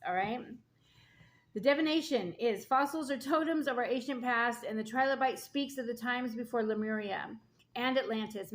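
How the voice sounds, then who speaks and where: A woman giving a spiritual oracle card reading. She reads the card text aloud and breaks in with earnest, casual asides, often checking in with "okay?" and "all right?". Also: on the high side. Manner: earnest and encouraging, speaking straight to the listener.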